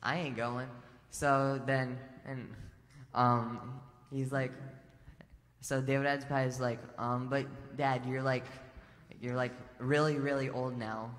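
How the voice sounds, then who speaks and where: Man, casual devotional storytelling, filler-heavy, mid pitch, large reverberant temple hall. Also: flat delivery, takes it slowly. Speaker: story presenter at a temple youth assembly.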